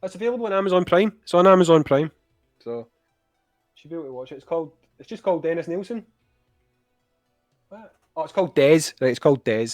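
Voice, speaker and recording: A man's voice: a little high, animated, fast, long pauses, a little mellow, dry recording, soft background music. Chatty Scottish man, dry sound. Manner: chatty, laughs easily. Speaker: podcast guest. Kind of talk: casual chat.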